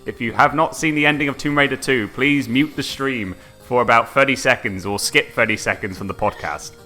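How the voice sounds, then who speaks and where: A man co-hosting a casual gaming podcast, animated and quick to laugh, acting out quotes in high voices. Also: faint music behind. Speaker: podcast co-host.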